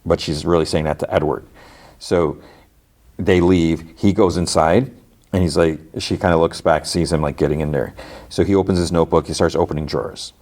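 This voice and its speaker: A man's voice: low-pitched, fairly even intonation, normal speed, darkish tone. A podcast host, a man, recapping a TV episode in a rambling, casual way, full of "like" as he acts out the dialogue. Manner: rambling retelling packed with "like", acting out dialogue.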